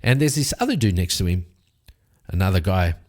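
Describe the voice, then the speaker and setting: A man's voice: low-pitched, expressive, a little fast, a little mellow. A man narrating a solo tabletop game in a casual, rambling way, often correcting himself.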